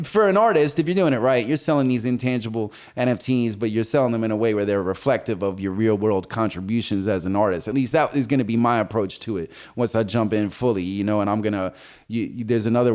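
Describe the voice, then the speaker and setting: A man's voice: on the low side, darkish tone. Laid-back rambling male artist guest. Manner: rambling, loose, with frequent fillers and restarts. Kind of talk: casual podcast interview.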